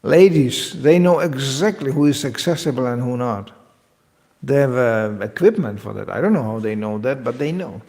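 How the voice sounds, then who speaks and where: Male spiritual teacher, devotional lecture, gravelly and animated, acts out quotes, big echoing hall. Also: medium pitch, moderate pace. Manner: lively, joking, acts out quoted voices.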